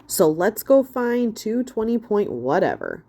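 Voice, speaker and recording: A woman voicing an impulsive girl who talks in quick, blurting bursts for an audiobook. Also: mid-range voice, very animated, warm tone, pitched above the performer's own voice. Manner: blurting, brisk. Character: impulsive, note-taking girl.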